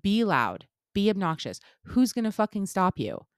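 A woman's voice: medium pitch, big pitch swings, normal speed, no room sound, studio quality. A woman in her thirties hosting a solo podcast, talking bluntly with plenty of swearing as she gives an impassioned pep talk. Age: 30s. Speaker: podcast host.

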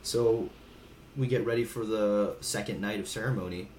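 Laid back guy in his 30s, frank, swears a bit, deep-ish voice, kinda echoey room. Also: steady tone, moderate pace, a little mellow, slight background noise. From Hawaii. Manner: casual and frank, swears, acts out quoted voices. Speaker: podcast guest, army veteran. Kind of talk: candid conversational storytelling.

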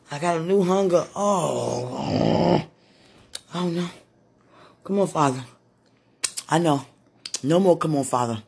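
A woman with a hoarse, husky voice, worn from preaching and crying, talking casually to God in a prayerful monologue and calling out to him between sentences. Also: low-pitched, a little mellow. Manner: talks to God aloud, breaks into moans and exclamations. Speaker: street preacher.

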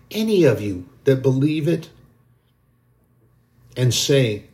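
Man, preacher, gravelly voice, impassioned sermon, mid pitch. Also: sing-song, slow pace, pauses often, a little mellow. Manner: impassioned, repetitive preaching with spoken prayer.

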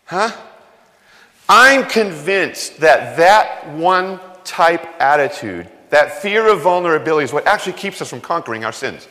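In a church sanctuary with long hall reverb, a man preaching as pastor speaks unhurriedly in a slightly high, bright, forceful voice with big pitch swings. He's emphatic and conversational, peppering the congregation with rhetorical questions.

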